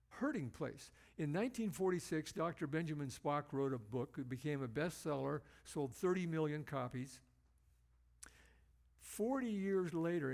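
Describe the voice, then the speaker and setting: Earnest gravelly-voiced male preacher. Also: fairly high pitch, a little mellow. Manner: earnest, emphatic, slows down to stress key phrases. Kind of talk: sermon.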